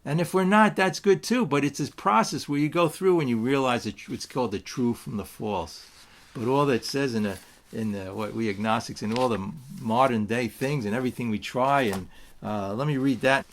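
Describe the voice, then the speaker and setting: A man talks loosely about recovery and spirituality, the way someone does at a twelve-step meeting. He restarts his sentences often and wanders off into asides. He drops into little acted-out quotes while telling a story. His pitch sits in an ordinary middle range for a man. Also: normal speed, slight background noise. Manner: rambling, many restarts and asides; tells stories with acted quotes. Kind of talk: casual spiritual talk.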